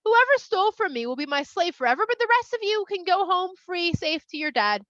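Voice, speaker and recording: Woman voicing a stern male ruler in a storybook retelling; high, bright, dry sound. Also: sing-song, brisk, dry recording, lo-fi sound, full character voice. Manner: scolding, stammering with anger. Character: Yosef, male Egyptian ruler, stern and accusing.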